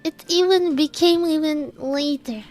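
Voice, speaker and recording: A woman's voice: high voice, measured pace, darkish tone, faint music behind. A woman streaming a game and chatting casually, giggling often as she greets viewers one by one. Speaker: VTuber streamer. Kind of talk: casual livestream chat.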